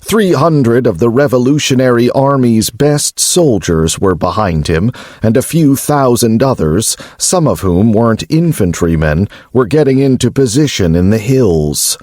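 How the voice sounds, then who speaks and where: A man narrating an audiobook in a measured storytelling manner. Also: mid-range voice, expressive, a little mellow, no echo, clean studio sound.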